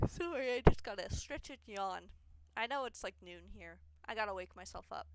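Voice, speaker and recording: A woman's voice: medium pitch, lively intonation, moderate pace, darkish tone, no room sound. A young woman streaming a video game, chatting in a rambling way with fillers. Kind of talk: casual chat while playing a video game.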